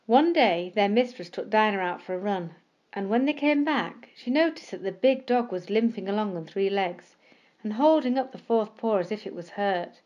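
A woman storyteller reading children's bedtime stories aloud in a gentle, expressive way, slowing down on key words. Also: medium pitch, highs cut off. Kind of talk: scripted bedtime story narration.

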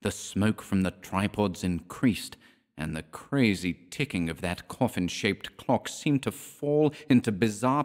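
A man narrating a horror audiobook in a measured, dramatic reading. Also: fairly low pitch. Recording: long hall reverb.

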